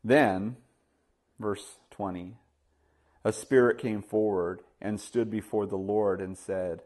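A man preaching a sermon as pastor, telling stories and acting out the dialogue, often with "you know", rising louder and higher to stress his points. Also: steady tone, takes it slowly. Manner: storytelling, acts out dialogue, rises loud and high when stressing points; many fillers like "you know".

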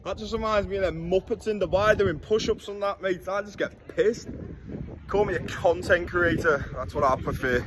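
A man's voice: sits high, moderate pace, noisy background. A man, talking casually and bluntly while vlogging from city streets. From England. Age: 20s. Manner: chatty, blunt and jokey, swearing freely. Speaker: travel vlogger. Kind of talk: casual walking vlog.

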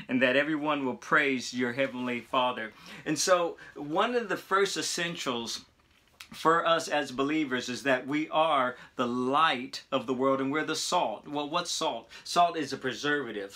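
A bright, clear-toned man speaks as a pastor delivering a short sermon of encouragement. He talks slowly and deliberately, drawing out phrases with earnest emphasis, pitched in a middle register. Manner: slow, deliberate preaching with stretched phrases.

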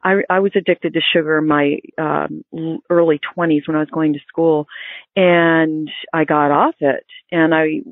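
Woman health expert guest, explanatory, mid pitch, phone-like dry sound. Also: fairly even intonation, normal speed, dry recording. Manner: explanatory, informative, with some restarts. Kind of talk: interview answers.

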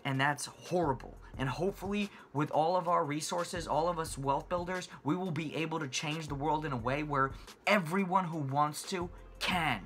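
A man's voice: fairly high pitch, moderate pace, a bit bright. A man hosting his own channel, delivering a passionate, emphatic rant to camera and repeating phrases for stress. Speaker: finance channel host. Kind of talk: impassioned money rant to camera.

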